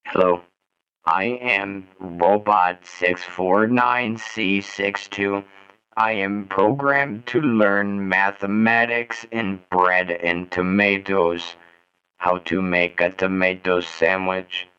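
A flat, mechanical male robot, put on by a man through a deep voice-changer filter. He drones through instructions at a slow, even pace. The recording is dull and lo-fi, with a faint hum underneath. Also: heavily acted. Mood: deadpan. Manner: deadpan, mechanical step-by-step delivery. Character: monotone numbered robot, male, deadpan. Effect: low voice-changer filter.

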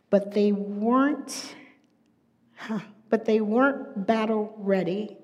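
Slow-spoken woman preaching in echoey hall. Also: mid-range voice. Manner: swings between hushed whispers and loud emphatic preaching. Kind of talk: sermon. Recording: long echoey hall reverb.

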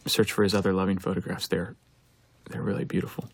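A man's voice: deep voice, flat delivery, fast talker, slight background noise. A man, a film director, giving an earnest, reflective audio commentary, thinking aloud as he talks.

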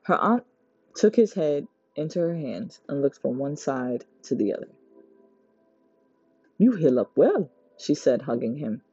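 A woman reading a novel aloud, giving the characters lively voices and going high for the girls. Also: normal speed, slightly rough, no echo, highs cut off, faint music behind. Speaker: audiobook reader.

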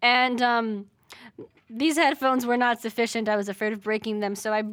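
A woman's voice: a little high, fairly even intonation, moderate pace, fairly bright tone, no echo. Wry, blunt woman co-host, dry sound. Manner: wry, blunt, a bit sarcastic. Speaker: podcast co-host. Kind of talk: casual chat.

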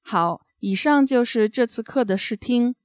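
A woman reads a scripted promotion for a language course in a smooth manner. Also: fairly high pitch, expressive, moderate pace, no room sound, clean studio sound. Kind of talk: scripted narration.

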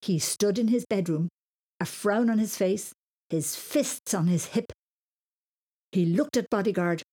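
A woman reading a children's story aloud in a gentle storytelling manner. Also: medium pitch, a little slow.

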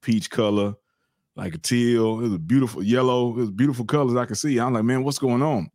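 A man's voice: medium pitch, brisk, no room sound, studio quality. Earnest man telling a story. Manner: animated, earnest storytelling with slang. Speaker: podcast host. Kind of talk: casual storytelling chat.

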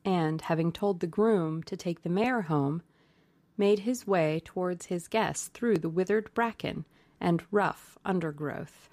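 A woman narrating a classic novel aloud in slow, measured storytelling. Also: on the low side, a little mellow, no room sound. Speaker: audiobook narrator.

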